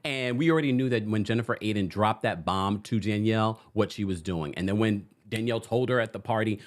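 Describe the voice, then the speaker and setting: A man's voice: on the low side, a little fast, hardly any pauses. A man hosting a casual reality TV recap, talking to his viewers and reading their comments aloud. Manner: animated, acts out quotes, reads viewer comments.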